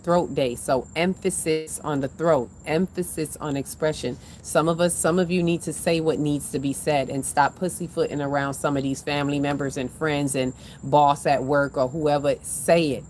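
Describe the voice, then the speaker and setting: A woman's voice: deep voice, a little mellow, a little hiss or hum. A woman doing a live spiritual card reading, talking in an emphatic, repetitive, preacher-like way with casual slang.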